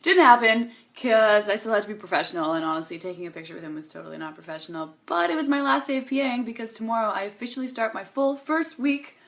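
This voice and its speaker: A woman's voice: on the high side, expressive, quick pace, hardly any pauses, a bit bright. A young woman vlogging to camera in a bubbly, gushing, chatty way, tired and coming down with a cold. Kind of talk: casual chat to camera.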